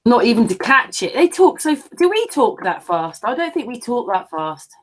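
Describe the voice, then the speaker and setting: A woman's voice: fairly high pitch, big pitch swings, normal speed. A woman chatting casually on a panel call, telling stories and teasing the others. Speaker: panel guest. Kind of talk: casual chat.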